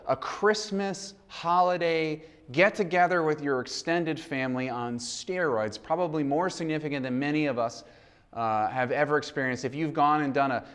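A man's voice: a little high, clear, resonant tone. A man preaching a sermon in a conversational, earnest way. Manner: conversational, earnest, acts out quoted dialogue. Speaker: pastor.

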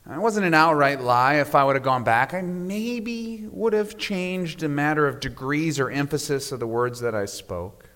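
A man preaching a sermon as pastor, measured and reflective, often letting his voice fall to a soft hush at the end of a phrase. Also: fairly high pitch. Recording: long reverb of a large hall.

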